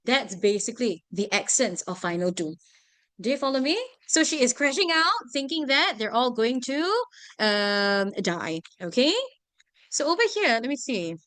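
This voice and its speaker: A woman's voice: a little high, lively intonation, normal speed, fairly bright tone, no echo. A young woman teaching an English vocabulary lesson to a class, often checking whether students follow. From Singapore. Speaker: English tutor.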